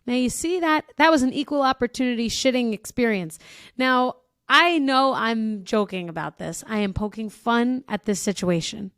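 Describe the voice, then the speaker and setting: A woman's voice: a little high, animated, normal speed, no echo, clean studio sound. A woman hosting a podcast, reading listener stories aloud in a casual, chatty way, often laughing and breaking off to react. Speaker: podcast host.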